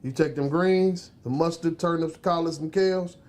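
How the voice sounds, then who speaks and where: A man's voice: fairly high pitch, steady tone, moderate pace, darkish tone. Emphatic man lecturing in casual chat. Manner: emphatic, preachy explaining. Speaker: podcast co-host.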